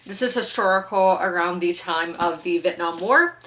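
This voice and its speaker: A woman's voice: on the low side, normal speed, sharp tone, a little hiss or hum. A woman, chatting casually to camera about books she is reading and laughing often. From South Carolina, US. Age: 20s. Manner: chatty, giggly, talks through her opinions. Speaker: book vlogger. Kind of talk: casual reading vlog chat.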